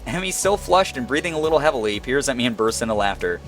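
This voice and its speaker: A young man reading a visual novel aloud as its narrator, breaking off into animated, self-mocking commentary. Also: medium pitch, quick pace, faint music behind. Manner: animated, laughing asides between read lines. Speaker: game streamer.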